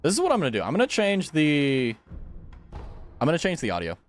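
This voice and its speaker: A man live-streaming a video game, chatting with viewers in a rambling, excitable way, laughing often and swearing casually. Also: a little high, brisk, soft background music. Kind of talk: casual live gameplay chat.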